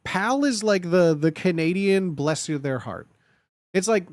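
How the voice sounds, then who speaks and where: Animated, high-voiced man ranking phrases. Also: unhurried, no room sound. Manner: animated, playful, repeats phrases in put-on tough-guy voices. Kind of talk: casual stream chat.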